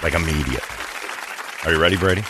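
A man's voice: a bass voice, quick pace, crowd noise, noisy background. A man hosting a morning radio show, chatting casually and rambling through jokes and ads. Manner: rambling, joking, self-correcting.

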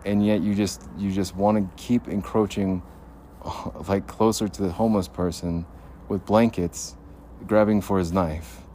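A man's voice: low voice, fairly even intonation, unhurried, dark tone, slight background noise. A man recording a rambling podcast monologue on his phone in an outdoor parking lot at night, muttering and talking to himself in a paranoid way. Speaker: podcast host.

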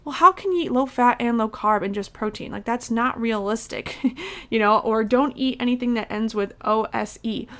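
A young woman with a fairly high voice gives blunt, emphatic coaching advice about eating and habits. She talks in a casual, motivational way and swears now and then. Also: normal speed. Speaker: nutrition coach. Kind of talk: motivational talk to camera or podcast.

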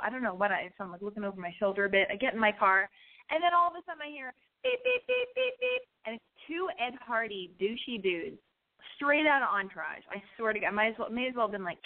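A woman hosting a call-in show, telling a profane story in an animated, ranting way. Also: medium pitch. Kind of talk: call-in radio monologue. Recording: tinny phone-like sound.

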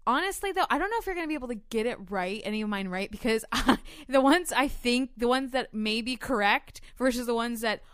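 A woman's voice: fairly high pitch, animated, a little fast, few pauses, a bit bright, clean tone, dry recording, clean studio sound. A young woman chatting casually as a podcast co-host, rambling, swearing freely and laughing often. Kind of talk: casual chat.

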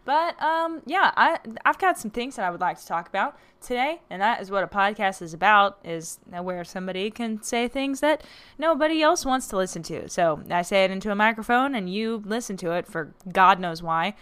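A woman's voice: medium pitch, brisk, few pauses, fairly bright tone. A young woman hosting her own podcast, chatting loosely and joking at her own expense, with lots of fillers and laughter. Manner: rambling and self-mocking, with frequent fillers; laughs often between thoughts. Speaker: podcast host. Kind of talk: casual solo podcast chat.

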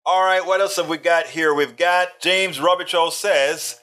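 A man's voice: on the high side, fairly even intonation, a little slow, pushed and bright. A man hosting a livestream in a casual chat, reading viewer comments aloud and adding joking asides. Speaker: livestream host.

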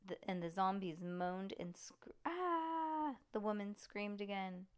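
A woman reading a storybook aloud to a child in a lively, expressive way. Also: mid-range voice, normal speed, smooth.

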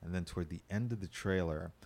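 A man co-hosting a casual, profane chat about films, animated and quick to act out quotes. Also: low-pitched, creaky. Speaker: podcast co-host.

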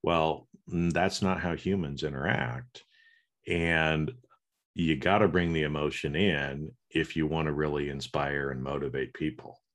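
Man, leadership coach on a podcast, very low voice, conversational and halting. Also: steady tone, a bit bright. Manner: conversational, restarts and repeats words while thinking aloud. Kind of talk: casual chat.

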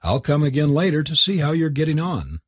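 A brisk young lady of the house, stern and commanding, with a faint note of amusement, as a man puts her on. Her voice sits higher and sounds husky and dry. A storybook character read aloud. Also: big pitch swings, no room sound.

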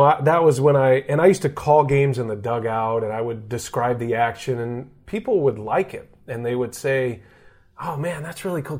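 Animated storytelling sportscaster, mid-pitch man. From Texas. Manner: animated, acts out quoted voices. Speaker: guest sportscaster. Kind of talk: casual storytelling interview.

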